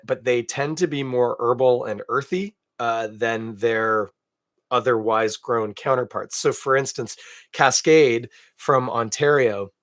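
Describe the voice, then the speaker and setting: Man, from Canada, casual beer podcast host, chatty, self-deprecating, mid-pitched voice, dry close sound. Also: fairly bright tone, dry recording. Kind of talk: casual solo tasting chat.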